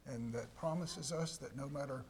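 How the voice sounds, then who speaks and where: A man preaching a sermon as pastor, slow and emphatic, repeating key words and sometimes dropping to a hush. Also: mid-range voice, a little hiss or hum.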